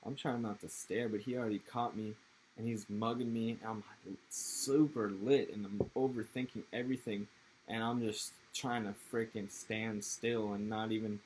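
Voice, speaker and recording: A man's voice: fairly low pitch, level tone, moderate pace, slight background noise, low-quality recording. A young man from Texas with an American accent, chatting loosely in an interview with rambling, laid-back, profane slang. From Texas, USA. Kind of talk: casual interview chat.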